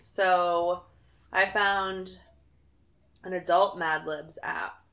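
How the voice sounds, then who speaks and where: A young woman in her twenties co-hosting a podcast, chatting in a relaxed way with lots of "like.". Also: lowish voice, very slow. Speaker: podcast co-host. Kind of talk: casual chat.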